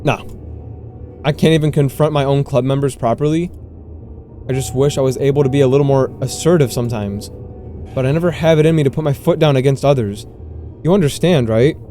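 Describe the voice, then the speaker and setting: A man reading out the lines of a composed teenage girl who leads a school club, calm and gently persuasive. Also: medium pitch, brisk, soft background music, close to an everyday voice.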